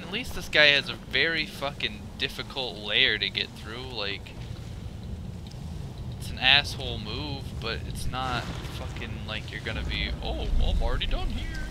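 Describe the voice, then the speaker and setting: A man giving live gameplay commentary, profane and excitable, thinking out loud and yelping at scares, with loud game sound under his voice. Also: medium pitch, normal speed, background noise. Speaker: let's play gamer.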